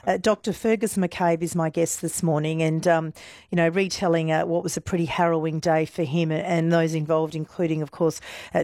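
A woman hosting a morning radio interview, gently reassuring her guest and summarising his story. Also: deep voice, no room sound, studio quality. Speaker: radio host.

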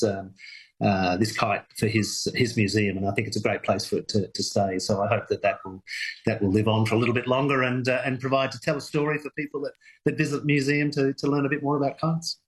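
A man being interviewed on radio about his kite work, talking in a halting, reflective way with many repeated words. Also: lowish voice, slightly rough, rough recording. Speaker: kite workshop owner, radio guest.

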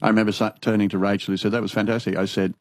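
Brief: older Australian male interviewee, low voice, dry close sound, anecdotal and animated. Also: very fast, no echo. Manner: animated anecdotal storyteller, acts out dialogue. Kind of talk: storytelling conversation.

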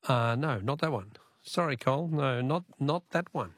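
A man's voice: mid-range voice, expressive, normal speed, fairly bright tone, no echo. A man with an Australian accent hosting a radio call-in quiz, jovial and bantering, laughing often with callers.

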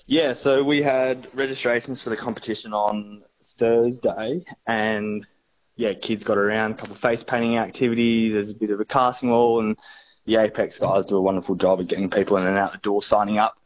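Keen Australian fishing reporter, low voice, rambling and upbeat, muffled lo-fi line. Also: male voice, little pitch movement, fairly quick, a little hiss or hum. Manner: enthusiastic, rambling with fillers and restarts. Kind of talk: casual radio chat.

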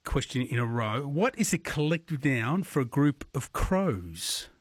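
A man with an Australian accent hosting a morning radio quiz, upbeat and quick to laugh. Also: medium pitch, lively intonation, breathy edge, no echo, clean studio sound. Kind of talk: breakfast radio quiz chat.

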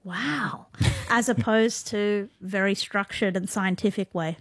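A woman co-hosting a casual radio chat, playful and quick to laugh. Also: medium pitch, dry recording. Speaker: radio co-host.

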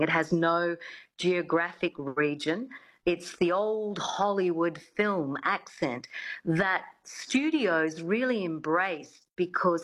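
Lower-voiced woman, accent coach. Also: a bit bright, rough recording. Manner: explanatory, gets tangled searching for words. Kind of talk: radio interview.

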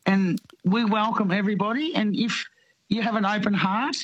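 An Australian woman calling in to a radio talk show, speaking slowly and earnestly, often repeating her words. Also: mid-range voice, breathy edge, no room sound, muffled recording. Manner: slow, heartfelt, repeats words. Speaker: caller. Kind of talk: radio call-in chat.

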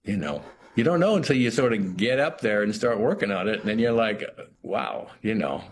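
Low, halting man musing in an interview. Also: animated, a little hiss or hum. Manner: thoughtful, halting, many restarts and "you know". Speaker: actor, interview guest. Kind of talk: reflective interview talk.

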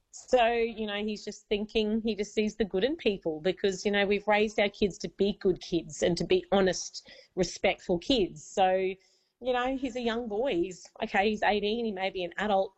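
A woman's voice: medium pitch, darkish tone. Australian woman in her forties, radio caller, rambling and chatty, muffled line. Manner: chatty, many fillers, becomes emotional. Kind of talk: telling a personal story on radio.

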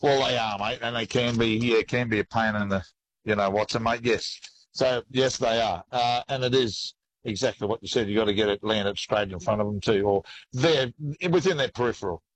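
A man with an Australian accent, a fishing guest chatting casually in a relaxed, folksy way. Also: on the low side, moderate pace, poor audio. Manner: relaxed, folksy, keeps saying mate. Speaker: angler guest. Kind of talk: casual interview chat.

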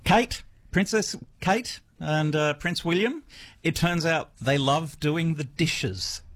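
A man's voice: on the high side, takes it slowly. A man co-hosting a casual chat show, dry and joking, with many fillers. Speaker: radio co-host.

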